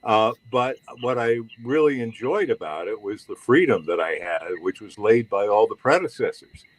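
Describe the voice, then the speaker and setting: An older man, a former radio DJ, recalling his years on air in a measured, unhurried way. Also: fairly low pitch, lively intonation, no echo, low-quality recording. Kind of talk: casual reminiscing chat.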